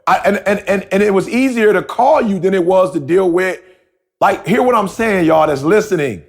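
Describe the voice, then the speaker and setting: A man's voice: sits high, lively intonation, moderate pace, gravelly. A man co-hosting a podcast, telling a story in casual talk and repeating himself as he goes. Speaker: podcast co-host.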